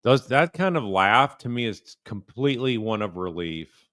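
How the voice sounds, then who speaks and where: A man's voice: on the low side, animated, moderate pace, fairly bright tone. A man, an attorney, giving sarcastic commentary on a video with incredulous asides.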